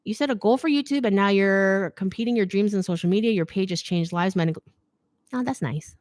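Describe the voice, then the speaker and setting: A woman's voice: mid-range voice, fairly quick, a little mellow, no echo. Chatty woman reading out comments on her livestream, lots of "like", super dry close sound. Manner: chatty, laughs often, says "like" a lot. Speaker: fashion YouTuber hosting a live Q&A.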